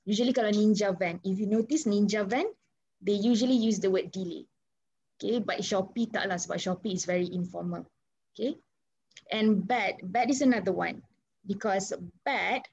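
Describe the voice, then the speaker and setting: A woman with a medium-pitched, slightly mellow voice and a Malaysian accent teaches English over a video call. Switching between Malay and English, she encourages her students by asking them questions. The audio is a bit muffled.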